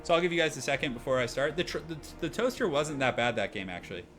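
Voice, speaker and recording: With a sing-song, fairly bright voice on the high side, a young man talks quickly while streaming a multiplayer game. He rambles upbeat in a put-on nasal Australian accent over background game music, casual gameplay chat throughout.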